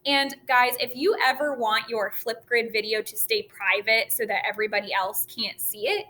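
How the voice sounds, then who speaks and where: A woman music teacher giving a virtual lesson to children, talking slowly and clearly and chanting rhythms for them to repeat. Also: fairly high pitch, steady tone, sharp tone.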